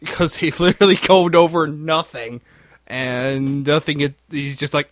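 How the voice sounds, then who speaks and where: A man's voice: on the high side, fairly even intonation, normal speed, no room sound. A man giving casual movie commentary with dry, critical remarks.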